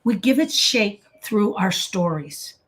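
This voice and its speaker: A woman's voice: medium pitch, animated, slow, slightly rough. A middle-aged woman coaching people through grief in a casual livestream. She answers viewer comments and speaks earnestly and emphatically, calling people by name. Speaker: grief coach hosting a live session.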